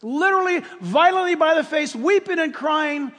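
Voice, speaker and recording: A male pastor with a strikingly high voice preaches with passion and emphasis, often pushing up into shouts. His voice rings through a church with a long, echoing reverb trail. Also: animated, normal speed, few pauses. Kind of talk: sermon. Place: church sanctuary with congregation.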